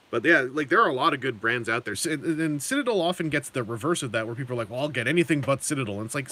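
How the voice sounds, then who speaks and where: Male streamer, lively up-and-down delivery, chatty and meandering while he paints. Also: mid-range voice. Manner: rambling, self-correcting, chuckling asides. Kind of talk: casual live-stream chat.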